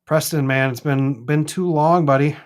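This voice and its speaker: A man's voice: fairly high pitch, normal speed. Chatty man with a Minnesota accent. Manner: chatty, rambling, animated. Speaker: live stream co-host. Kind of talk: casual chat. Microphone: streaming mic.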